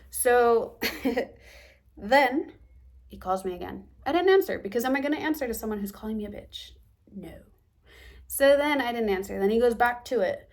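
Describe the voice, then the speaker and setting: A young woman telling a story to her camera in a casual vlog, animated and acting out the lines people said to her, with whispered asides. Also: mid-range voice, normal speed. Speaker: vlogger.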